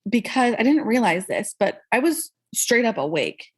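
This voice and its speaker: Husky-voiced woman telling a story. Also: normal speed. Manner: animated, acts out quoted people with pitch jumps. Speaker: podcast guest. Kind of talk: casual conversational storytelling.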